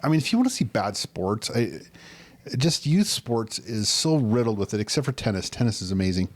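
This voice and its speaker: A man's voice: fairly low pitch, sing-song, brisk. A man in his thirties co-hosting a podcast, telling a personal story in a rambling, earnest way. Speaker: podcast co-host. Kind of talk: casual storytelling chat.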